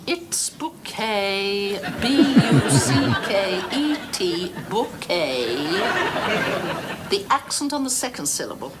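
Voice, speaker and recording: A woman's voice: fairly high pitch, wildly swooping pitch, measured pace, over a noisy crowd. An actress playing a snobbish, social-climbing middle-aged housewife who keeps correcting how her name is said, in a TV sitcom. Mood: prim, insistent. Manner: prim, insistent, correcting others' pronunciation. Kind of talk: 1990s TV sitcom acting. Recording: hissy old TV sitcom clip.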